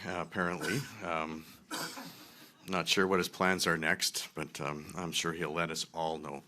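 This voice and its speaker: Deep bright-toned guy emceeing, hypes up the crowd, some faint noise behind. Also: flat delivery. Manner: upbeat, rallying applause, with "um" pauses. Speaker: master of ceremonies. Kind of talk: ceremony introductions.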